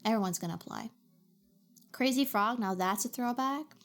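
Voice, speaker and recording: A woman's voice: a little high, normal speed, fairly bright tone. A young adult woman streamer from Canada, chatting playfully and reacting to her chat. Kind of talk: casual chat.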